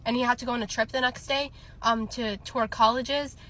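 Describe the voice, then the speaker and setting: Young woman, chatty storytime teller, laughs a lot, brightish higher voice. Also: fairly even intonation, moderate pace. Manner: chatty, laughing often, many fillers. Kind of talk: casual storytime.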